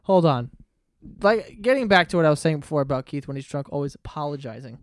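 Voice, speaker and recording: A man's voice: on the high side, animated, fast talker, no echo, clean studio sound. A young man hosting a podcast, telling crude stories in casual chat. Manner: crude, joking storyteller. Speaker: podcast host. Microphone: studio mic on stand.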